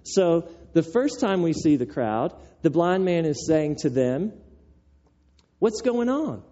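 A man preaching a sermon as pastor, telling the story in a conversational, animated way, on a dull lo-fi recording. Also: a little high, measured pace.

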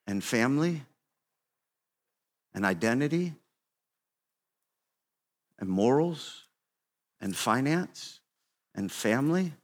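A man in his fifties preaching a sermon to a room, conversational and repetitive, swinging between quiet asides and emphatic, raised exhortation. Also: medium pitch. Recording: long reverb of a large hall.

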